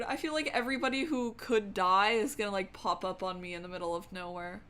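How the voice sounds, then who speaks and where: A woman streamer reading a game's narration aloud and chatting expressively and excitably, swearing casually. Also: medium pitch, brisk, hardly any pauses.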